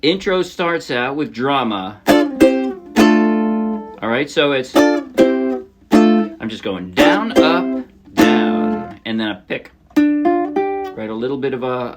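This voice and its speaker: Lively man teaching ukulele chords. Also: medium pitch, measured pace, long pauses, loud music behind the voice. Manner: relaxed, explains while strumming, corrects himself. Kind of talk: casual instructional talk. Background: his own ukulele playing.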